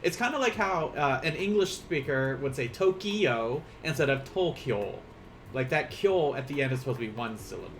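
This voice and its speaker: Teaching a relaxed online language lesson, this man counts his strokes out loud as he writes and pokes fun at himself, chatty and laughing a lot. His mid-range voice is expressive and a bit bright at a moderate pace, with a little hiss or hum.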